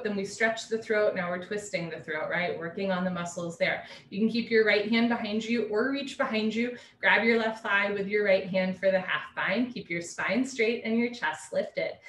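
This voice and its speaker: A woman leading a live yoga class from home, calling out poses briskly and dropping in chatty asides. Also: medium pitch, fairly bright tone, reverberant, slight background noise. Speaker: yoga teacher.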